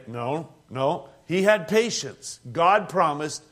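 High-voiced chuckling older preacher man. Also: expressive, takes it slowly, few pauses, fairly bright tone. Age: 60s. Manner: folksy, chuckles often, plain country grammar. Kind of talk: storytelling sermon.

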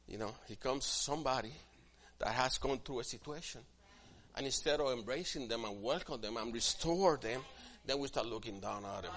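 Preaching man, quiet to loud. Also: medium pitch, normal speed. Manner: swings from quiet asides to loud emphatic preaching; acts out quoted church members in different voices. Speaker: pastor. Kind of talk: sermon.

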